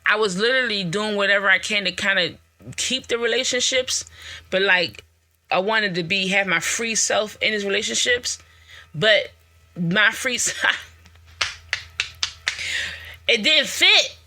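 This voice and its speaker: A woman podcast host giving a personal testimony in an animated, conversational way, talking straight to her listeners. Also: medium pitch, normal speed, no room sound. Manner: animated, storytelling, acts out quoted dialogue; repetitive, conversational, addresses listeners directly.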